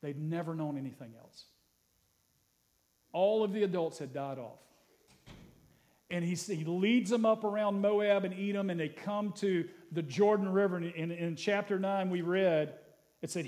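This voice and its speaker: High-voiced man preaching a sermon. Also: unhurried. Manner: reads scripture aloud with rising emphasis; prays in a soft, lowered voice. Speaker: pastor.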